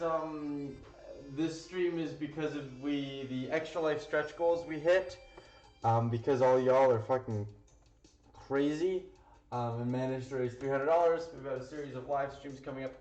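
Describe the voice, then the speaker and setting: A man's voice: a little high, darkish tone. A man hosting a live cooking stream, talking casually and rambling, with plenty of fillers and the odd swear word. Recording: roomy, dull lo-fi sound with faint music.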